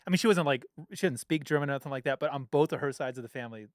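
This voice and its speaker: An American man co-hosting a casual studio chat, joking around in quick banter. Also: medium pitch, no echo. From United States. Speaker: podcast co-host. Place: recording studio.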